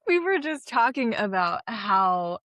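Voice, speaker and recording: A woman's voice: medium pitch, big pitch swings, slow pace, a bit bright, no room sound. A woman hosting a podcast in casual conversation, offering encouraging interjections. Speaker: podcast host.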